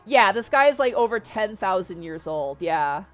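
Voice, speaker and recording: A woman streamer casually retelling a story, chatty and animated, with frequent fillers and the odd swear. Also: mid-range voice, normal speed, soft background music. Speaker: vtuber streamer.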